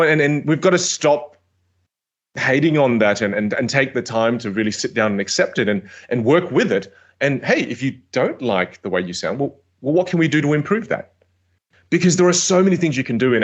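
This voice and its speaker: A man coaching on communication in a podcast interview, energetic and emphatic, stressing points by repeating words. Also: medium pitch.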